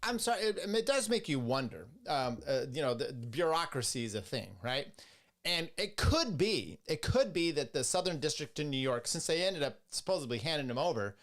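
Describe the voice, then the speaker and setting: Commenting on clips for his podcast, this young host rambles sarcastically, with plenty of asides and restarts. His voice runs a little high, sing-song and fairly bright, at a normal speed.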